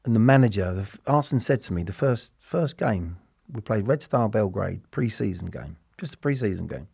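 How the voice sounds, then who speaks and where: A man's voice: lowish voice, expressive, moderate pace, vocal fry, darkish tone, husky, dry recording, clean studio sound. An English man in his sixties, a former footballer talking in a rambling, reflective way with many restarts as an interview guest. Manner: rambling, with frequent restarts and repeated words. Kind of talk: casual reflective interview talk.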